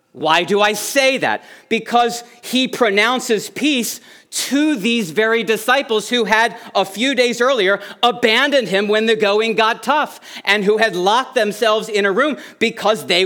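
A man's voice: high-pitched, sharp tone. A middle-aged man preaching a sermon as pastor, earnest and lifting his voice on key phrases.

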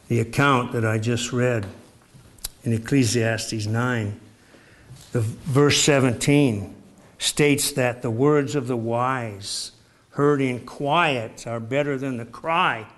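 A man preaching a sermon in a slow, measured, reflective way, posing rhetorical questions. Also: mid-range voice.

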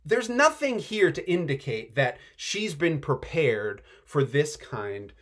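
A male pastor gives a conversational sermon with lots of energy, often stopping to say "like" and swinging from hushed to eager. His pitch moves all over the place, dipping low and then rising quickly. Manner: animated, chatty, excitable, uses filler "like".

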